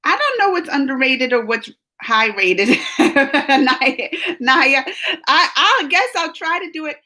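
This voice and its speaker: Sitting high with big pitch swings, her voice is slow, pushed, and bright. She is a married adult woman with a family hosting a reaction stream, reading the live chat and chatting casually with viewers in an emotional, teary way, laughing between her worries.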